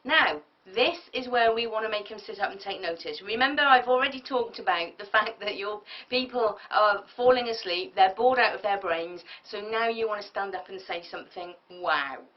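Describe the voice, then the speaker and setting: A woman, a public speaking coach giving a tutorial lecture in a lively, emphatic way and acting out example lines. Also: medium pitch, moderate pace, hardly any pauses. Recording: distant mic, dull lo-fi sound.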